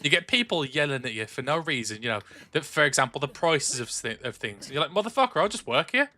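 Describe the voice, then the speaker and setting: A brisk, bright, forceful mid-range voice belongs to a young Black Country streamer with an English accent. Gaming from a room at home, he rambles chattily, repeatedly restarting and filling gaps with filler words.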